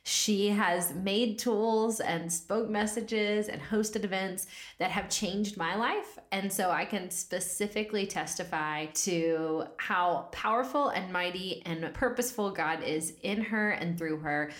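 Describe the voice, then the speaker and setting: A woman's voice: mid-range voice, slow, echoey room. A woman hosting a faith podcast, talking in an effusive, emotional way and laughing often. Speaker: podcast host. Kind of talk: casual faith podcast chat.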